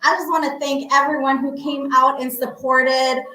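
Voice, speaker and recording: A woman hosting a live event, effusive and out of breath with excitement. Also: high voice, moderate pace. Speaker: event host and author. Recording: echoey room with faint music.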